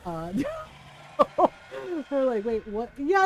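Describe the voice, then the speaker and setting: A woman's voice: high voice, wildly swooping pitch, slow pace, darkish tone, rough recording. A woman chatting casually while streaming a game, laughing often and acting out bits. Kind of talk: casual gaming stream chat.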